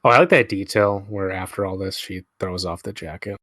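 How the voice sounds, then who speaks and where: A man's voice: deep voice, steady tone, a little fast, pushed and bright, no echo, studio quality. A young man giving casual, laid-back movie commentary, musing aloud and swearing freely. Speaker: film commentary host.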